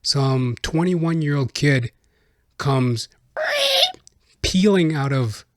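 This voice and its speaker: A man's voice: mid-range voice, extremely slow, darkish tone, no echo, studio quality. A man hosting his own podcast, telling his life story in a rambling, conversational way. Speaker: podcast host. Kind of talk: casual personal monologue.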